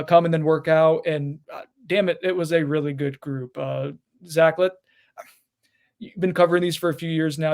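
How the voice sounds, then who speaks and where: A man's voice: fairly high pitch, a little mellow. A man hosting a sports podcast, chatting casually in a joking, self-deprecating way. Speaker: podcast host.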